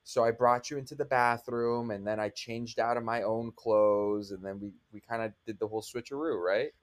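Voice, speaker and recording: A young man telling an animated, rambling story to his younger brother in casual chat. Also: mid-range voice, normal speed. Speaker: podcast co-host, older brother.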